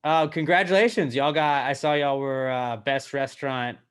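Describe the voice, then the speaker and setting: Teasing, swearing podcast co-host. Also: male voice, medium pitch, steady tone, normal speed, smooth. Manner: teasing, profane, acts out voices in quotes. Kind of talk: casual banter.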